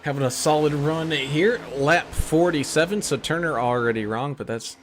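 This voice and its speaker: A man giving steady play-by-play commentary on a sim race, naming cars and positions. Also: on the high side, moderate pace, a little hiss or hum.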